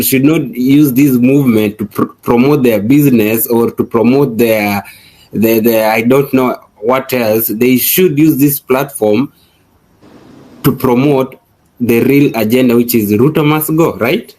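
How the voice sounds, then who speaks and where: A man in an online discussion, speaking earnestly and haltingly, often repeating words. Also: medium pitch, darkish tone, rough recording.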